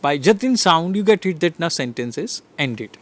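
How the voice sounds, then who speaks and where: A man with an Indian English accent teaches intonation in a lecture. He demonstrates rises and falls in his own slightly raised voice and keeps checking in with "right?". His delivery is energetic and instructive. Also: fairly high pitch, normal speed. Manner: animated, demonstrates rhythm and intonation with repeated examples; asks listeners frequent "right?" checks.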